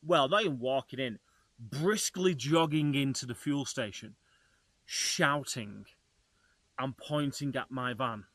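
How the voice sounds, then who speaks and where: A man, a travel vlogger, telling a story to camera in a lively, chatty way and talking straight to his viewers. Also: medium pitch, takes it slowly, dry recording.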